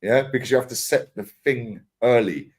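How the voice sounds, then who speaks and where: A man in casual podcast chat, telling animated stories full of slang and swearing and acting out what others said. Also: mid-range voice, moderate pace, slightly rough. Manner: animated storytelling, acts out quotes, swears freely, lots of slang. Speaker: podcast co-host.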